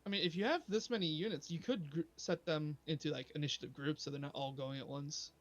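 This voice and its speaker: A talkative tabletop player in the middle of a casual session, always ready with a suggestion. The voice sits at an ordinary middle pitch. Keyboard typing clicks faintly behind them. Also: fast, no echo, lo-fi sound. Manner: chatty, full of suggestions.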